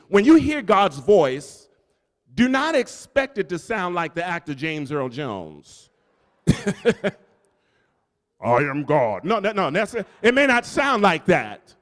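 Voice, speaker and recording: A male pastor preaching a sermon, calling out to the congregation and repeating key lines for emphasis. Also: high voice. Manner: preaching with call-outs to the congregation. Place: church sanctuary. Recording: long reverb from a church hall.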